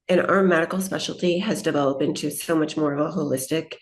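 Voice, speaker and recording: A woman's voice: low voice, quick pace, slight background noise. A woman, an aesthetic nurse, speaking as a podcast guest and telling reflective, heartfelt stories about her patients. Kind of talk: podcast interview.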